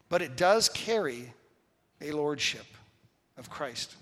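A man's voice: on the high side, animated, slow pace, long pauses, a bit bright. A man preaching a sermon as pastor in a church, stressing points by repeating key phrases. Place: church sanctuary. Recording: long reverb of a large hall.

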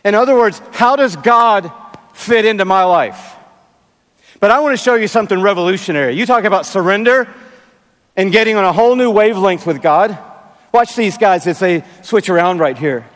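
A pastor in his sixties preaching a sermon in a large arena, with emphatic, drawn-out phrasing and playful asides. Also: sits high, expressive, a bit bright. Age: 60s. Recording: long arena reverb.

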